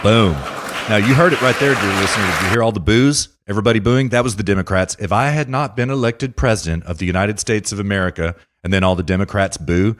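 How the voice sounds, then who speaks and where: A man's voice: lowish voice, fast, fairly bright tone, a faint crowd. A man hosting a casual political podcast, ranting emphatically and addressing the listener directly. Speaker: podcast host.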